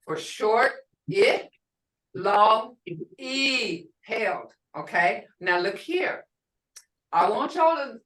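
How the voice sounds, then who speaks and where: A woman's voice: a little high, expressive, very slow, long pauses, a bit bright. A woman teaching a language class, drilling words aloud and asking students whether each sound is short or long. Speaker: language instructor. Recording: roomy classroom audio from far off.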